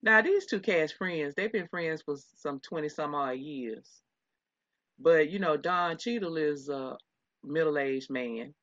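Bright-voiced chatty woman, lo-fi. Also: low-pitched, slow, no echo. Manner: rambling, chatty, laughs often, many restarts. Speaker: podcast co-host. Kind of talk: casual celebrity gossip chat.

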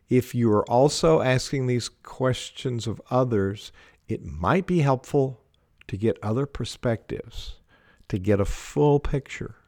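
Man, leadership talk, very slow deliberate pace, dry close sound. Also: mid-range voice, a little mellow, no room sound. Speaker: leadership speaker.

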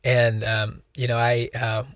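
A man's voice: medium pitch, completely flat delivery, measured pace, a bit bright, dry recording, clean studio sound. A young man co-hosting a podcast, talking casually in a rambling way with many fillers and restarts. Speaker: podcast co-host.

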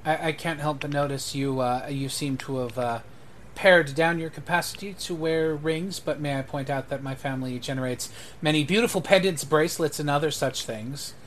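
A man's voice: a little high, normal speed, fairly bright tone, slight background noise, natural voice. A man doing a flustered young count. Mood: polite. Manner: nervous, stammering, swears when stressed. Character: flustered young male noble count, overwhelmed.

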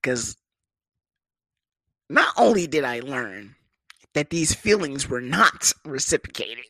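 A young man from the United States telling a comedic personal story, swearing freely and jumping into high voices to imitate others. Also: sing-song, normal speed, sharp tone, no echo.

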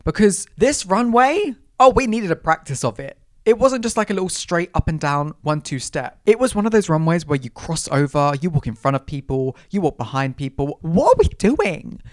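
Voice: medium pitch, dry recording, clean studio sound. A young adult podcast host, telling a story in a dramatic, gushing way and talking straight to the listeners. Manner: dramatic, expressive, gushing, addresses listeners as "you guys". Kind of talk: casual storytelling monologue.

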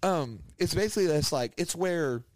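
A man's voice: on the high side, animated, normal speed, no echo. A man co-hosting a podcast, telling a rambling story in casual chat, full of fillers and restarts. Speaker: podcast co-host.

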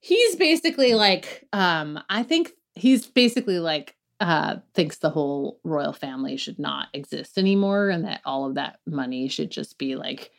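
A woman's voice: sits low, lively intonation, normal speed, vocal fry, hardly any pauses. A woman co-hosting a casual chat podcast who talks bluntly, swears freely and trails off into restarts. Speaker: podcast co-host.

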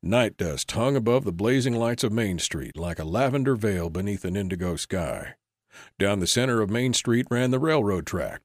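A man giving measured scripted narration of an old-west audiobook. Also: lowish voice, no echo. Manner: measured storytelling. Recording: dry close recording.

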